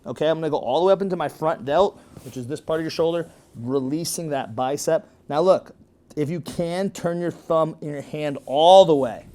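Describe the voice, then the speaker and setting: A fitness coach runs a casual demo of foam roller techniques, his fairly high, mellow voice moving at a normal speed. He's upbeat and chatty, cracking jokes and often checking in with "okay?" as he shows each move.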